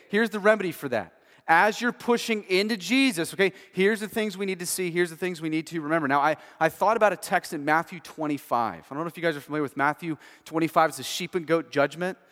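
A man delivers a sermon in a loose, conversational manner, repeating words as he restarts and tossing "right?" to the congregation. His voice sits a little high for a man, and a long hall reverb trails each phrase. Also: fairly bright tone. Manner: conversational preaching with frequent restarts and "right?" asides. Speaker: pastor.

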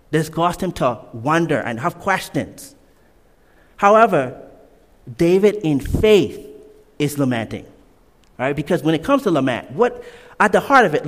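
In a sermon, a man preaches with emphatic energy, repeating his key points and drifting into casual asides. His slightly high voice rises and falls a lot and rings with the long reverb of a large hall.

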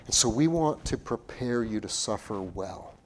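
A man with a lowish, lively-intoned voice delivers a sermon as pastor at normal speed, with slight background noise. He's earnest, often repeating or restarting lines, and moves between emphatic peaks and quiet passages.

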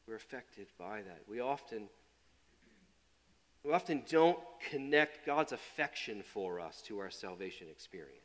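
A man's voice: lively intonation, a little slow. Man preaching a sermon in a reverberant hall. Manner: swings from loud emphatic build-ups to quiet, low asides; repeats and restarts phrases while preaching. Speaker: pastor.

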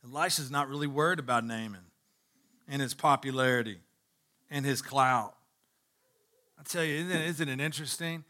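A man's voice: medium pitch, moderate pace, pauses often, sharp tone. A man preaching a sermon to his congregation as pastor, speaking emphatically, repeating phrases for stress, and addressing listeners directly.

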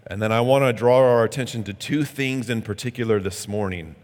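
A man's voice: medium pitch, a little fast, a little mellow. A male pastor delivers a sermon in a plain, earnest, conversational manner. His voice sits in a middle range. A long reverb from the sanctuary trails his words.

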